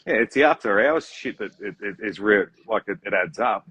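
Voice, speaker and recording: A quick-talking Australian tradesman on a casual podcast, blunt and swearing. His voice is low and husky, and the recording sounds dry and slightly muffled. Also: animated, a bit bright, no echo. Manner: fast, blunt, swears, acts out clients. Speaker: podcast guest, earthmoving contractor.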